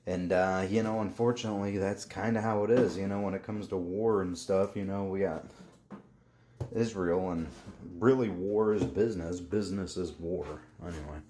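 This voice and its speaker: A man's voice: low voice, fairly even intonation, normal speed, mellow, a little hiss or hum. A man casually telling a story to camera, rambling with lots of fillers and swearing.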